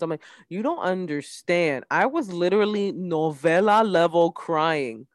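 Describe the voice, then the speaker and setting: A young woman co-hosting a casual podcast, telling an animated story with laughter and acted quotes. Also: deep voice, moderate pace, few pauses, no room sound, clean studio sound. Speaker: podcast co-host. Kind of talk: casual chat.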